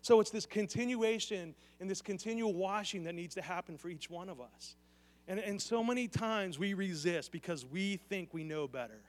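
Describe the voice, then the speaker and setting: High-voiced pastor preaching in a reverberant church. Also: male voice, moderate pace. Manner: earnest, questions the congregation directly. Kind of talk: sermon. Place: church sanctuary. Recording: long reverb of a church hall.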